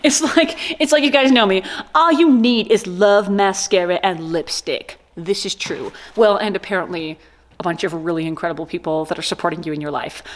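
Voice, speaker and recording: A woman's voice: mid-range voice, moderate pace. A woman in her thirties vlogging casually as she unboxes gifts, gushing and joking with her viewers. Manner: gushing and playful, jokes and exclamations.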